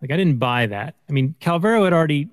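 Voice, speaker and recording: A man's voice: on the high side, lively intonation, quick pace. Male podcast co-host, casual and rambling, dry close mic with a long reverb tail. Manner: rambling, filler-heavy, retells scenes. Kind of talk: casual chat.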